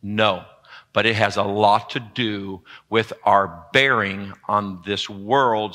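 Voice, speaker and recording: A man preaching a sermon in a church, with a lively call-and-response delivery. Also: on the low side, slow. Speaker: pastor. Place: church sanctuary.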